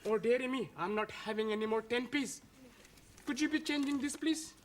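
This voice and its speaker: An actor playing an excitable adult language student who overuses -ing verb forms and is quick to insult. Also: male voice, extremely high pitch. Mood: fretful.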